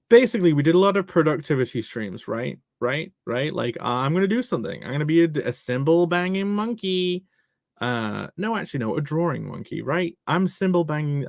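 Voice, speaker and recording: A man's voice: fairly high pitch, vocal fry, dry recording, clean studio sound. A man chatting casually on a live stream, reading out viewer messages and joking around, swearing freely. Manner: rambling, jokey, swears freely.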